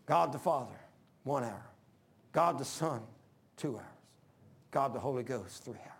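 A man preaching a sermon, emphatic, calling out to the congregation and dropping to hushed lines between loud peaks. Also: mid-range voice, lively intonation, a little slow, vocal fry, a little hiss or hum. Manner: calls for congregation responses.

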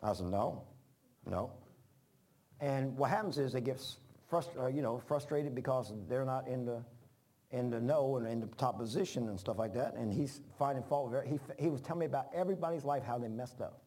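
Man, pastor, folksy rambling informal sermon style, mid pitch. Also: a little fast, dark tone. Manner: folksy, rambling, repeats phrases.

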